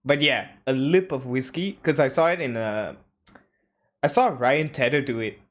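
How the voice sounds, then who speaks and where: Relaxed man, second-language English, slangy casual talk. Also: medium pitch, normal speed. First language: not English. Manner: laid-back, slangy, says yo and damn. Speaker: host. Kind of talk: casual chat.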